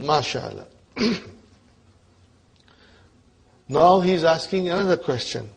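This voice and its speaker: A man's voice: a little high, husky. A man teaching an Arabic grammar lesson, quizzing his students and checking often whether they are following along. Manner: patient, repeats terms slowly.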